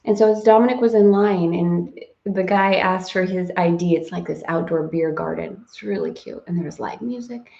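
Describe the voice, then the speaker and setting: A woman's voice: fairly low pitch, normal speed, vocal fry, mellow. Woman, forties, effusive live-stream host, chatty storytelling, roomy echo, slightly dull sound. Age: 40s. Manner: effusive, greets viewers by name, laughs often.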